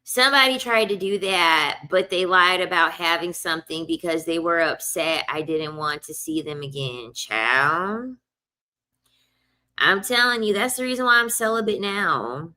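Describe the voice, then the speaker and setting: Young woman venting a storytime, cussing a lot, bright sharp voice, repeats herself. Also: fairly low pitch, moderate pace, few pauses. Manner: blunt, profane, exasperated, repeats lines for emphasis. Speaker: vlogger. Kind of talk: casual storytime rant.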